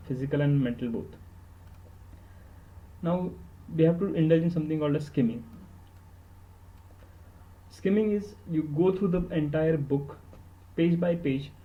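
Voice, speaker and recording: In a lo-fi recording, a man with an Indian accent and a voice on the high side gives study tips. He is earnest and emphatic, slips into Hindi, and repeats words for stress, in the style of an instructional podcast.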